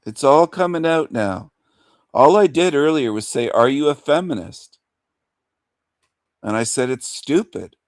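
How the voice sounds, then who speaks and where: A man's voice: mid-range voice, lively intonation, unhurried, pauses often, no echo, clean studio sound. A man hosting a livestream rant in a mocking, taunting manner, chuckling between insults. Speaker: livestream host.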